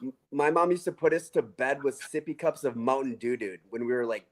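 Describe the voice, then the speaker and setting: A man's voice: mid-range voice, a little fast. Easygoing man in casual chat. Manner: relaxed, easygoing, says "dude" often.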